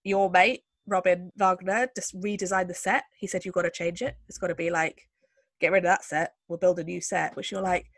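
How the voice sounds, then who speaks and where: A woman's voice: on the low side, little pitch movement, fairly quick, dry recording. A woman hosting a podcast, telling a story in a chatty, wry way with lots of asides. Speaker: podcast host. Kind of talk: casual chat.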